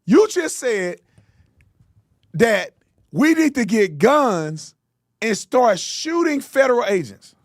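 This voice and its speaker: Male commentary host: high, very lively, mocking, given to loud outbursts. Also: slow, long pauses, dry recording, clean studio sound.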